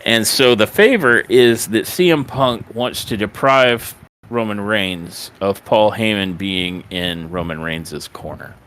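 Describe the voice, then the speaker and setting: A man hosting a wrestling podcast, telling the events of a show like an animated storyteller and acting out the quotes. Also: on the low side, takes it slowly. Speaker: podcast host.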